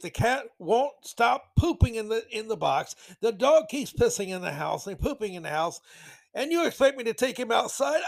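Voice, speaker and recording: A man putting on the voice of a helpless, self-pitying parent who whines and breaks into shrill shouts. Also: vocal fry. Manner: whining, rising to shrill shouts.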